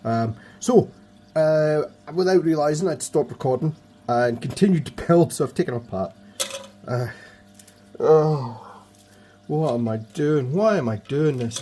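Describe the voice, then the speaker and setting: A man with a hoarse, fading voice, muttering to himself and joking at his own expense as he builds toy models. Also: a little high, big pitch swings, unhurried, warm tone, slight background noise. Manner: muttering to himself, self-deprecating. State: hoarse, voice going. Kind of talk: casual build commentary.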